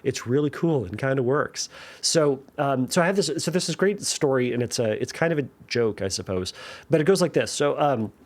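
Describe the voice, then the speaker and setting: A man's voice: medium pitch, moderate pace. A man hosting a podcast, talking casually and answering a listener's question, with frequent fillers and restarts. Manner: conversational, many fillers and restarts, tells jokes with animated voices. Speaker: podcast host. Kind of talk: casual chat.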